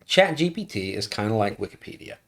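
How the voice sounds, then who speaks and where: A man's voice: on the low side, sing-song, a little fast, gravelly. A middle-aged man, a law professor guest, talking frankly and wryly in a casual interview. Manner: frank, wry, self-correcting.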